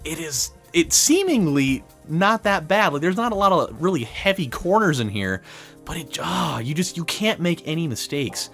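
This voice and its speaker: A man's voice: fairly high pitch, big pitch swings, normal speed, a bit bright, faint music behind. A man casually commenting on his racing game, rambling through a story full of "like" and "you know". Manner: rambling, storytelling, frequent fillers. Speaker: let's play host.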